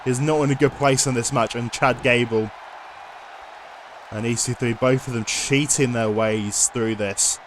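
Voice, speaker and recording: A man giving lively play-by-play commentary over a wrestling video game, often bursting into loud excited shouts. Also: mid-range voice, unhurried, a crowd in the background, noisy background.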